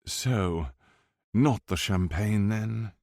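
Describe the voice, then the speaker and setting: A man's voice: on the low side, drawn-out words, a little mellow, dry recording, clean studio sound, voice pushed up. A man voicing an arrogant, condescending Englishman with a posh English accent. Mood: disdainful. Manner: haughty, crooning, sneering.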